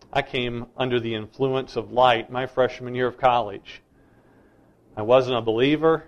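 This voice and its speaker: A man's voice: medium pitch, muffled recording. A middle-aged man preaching a sermon as a pastor, emphatic and insistent.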